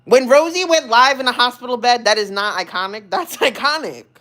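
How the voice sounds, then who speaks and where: A woman's voice: fairly high pitch, animated, brisk, sharp tone. A young woman streamer ranting casually on a livestream, swearing freely, rambling and laughing often.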